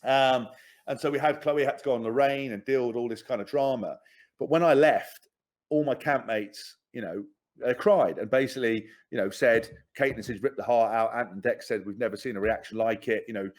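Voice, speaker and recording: Man in his thirties, rapid blunt storyteller, sweary, mid pitch; podcast guest. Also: darkish tone. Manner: blunt, sweary, repeats words. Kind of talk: candid storytelling.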